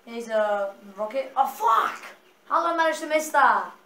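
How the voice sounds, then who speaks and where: A woman in casual gaming banter, blunt and quick, swearing freely while she plays. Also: fairly high pitch, expressive, pushed and bright, roomy sound. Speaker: gamer.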